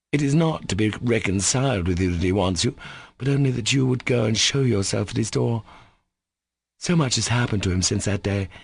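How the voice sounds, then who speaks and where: A man reading as an earnest young man, pressing hard, with gravelly fry and a husky grain. Low-set voice, delivered close and dry in an audiobook. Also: darkish tone, no room sound, exaggerated voice. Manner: emphatic, urgent. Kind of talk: audiobook character voice.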